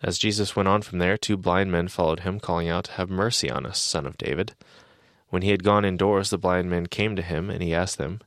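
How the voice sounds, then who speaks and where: Brief: co-host, man, very deep voice, plain scripture reading, dry sound. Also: level tone, a little fast, few pauses, no echo. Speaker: podcast co-host.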